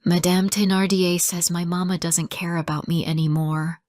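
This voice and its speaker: A woman's voice: fairly low pitch, level tone, moderate pace, a little mellow, dry recording, studio quality, lightly acted. A woman voicing a small, frightened little girl who speaks in a small, timid voice.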